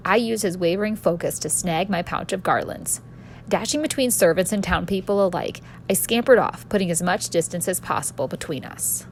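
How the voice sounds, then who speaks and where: A woman author narrating her own story in first person, expressive and storytelling in tone. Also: fairly low pitch, a little hiss or hum. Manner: expressive storyteller, voicing a cheeky street boy.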